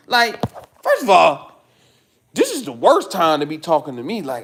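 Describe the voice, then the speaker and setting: A man's voice: on the high side, wildly swooping pitch, normal speed, pauses often, a bit bright. A man ranting casually to his livestream chat in a rambling, profane, preachy way. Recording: roomy echo.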